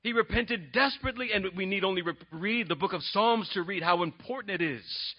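Earnest husky-voiced male preacher. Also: high-pitched, fairly quick. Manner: earnest, swings between soft and emphatic. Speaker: pastor. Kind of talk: sermon. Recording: dull lo-fi sound.

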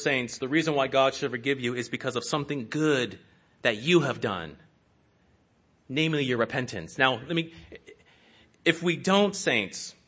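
A man's voice: medium pitch, fairly bright tone. A man preaching a sermon in an earnest, rhetorical way, calling his listeners saints.

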